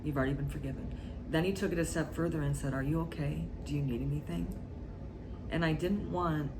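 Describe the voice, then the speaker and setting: A woman vlogger speaking in short, halting, earnest phrases in a confessional talk to camera. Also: low voice, steady tone, noisy background.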